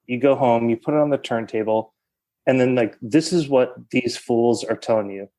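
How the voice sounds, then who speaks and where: A man talking as a podcast guest in casual chat, animated and full of swearing and "like". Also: medium pitch, normal speed. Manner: animated, swears, heavy use of "like".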